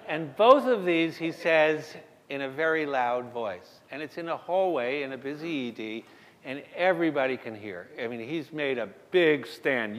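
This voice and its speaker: In a lecture hall with long reverb, a middle-aged emergency medicine lecturer gives a conversational conference talk, sharing stories from his work. His fairly high, a bit bright voice has lively intonation and normal speed, and he's self-deprecating, often restarting sentences.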